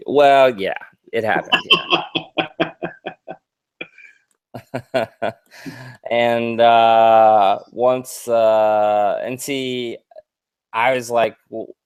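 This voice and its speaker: A man's voice: on the low side, slow, dry recording. A man in the middle of a fired-up rant on a casual podcast, swearing freely and tripping over his words as he gets more and more worked up. He sounds on the edge of tears. His voice is dry and close, with no room sound around it. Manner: heated, profane ranting with stammered restarts. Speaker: podcast co-host.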